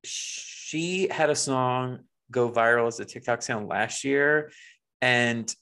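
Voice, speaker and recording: Gravelly-voiced playful male podcast co-host. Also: medium pitch, slow pace, bright, forceful tone. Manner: laughs often, playful and chatty. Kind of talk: casual chat.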